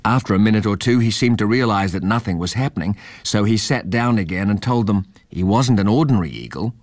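A man reading a children's story aloud in a measured, expressive way. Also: lowish voice, dry recording, studio quality.

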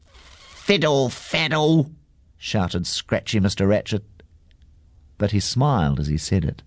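A man reading a children's story aloud in a gentle, expressive way. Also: deep voice, breathy edge, no echo.

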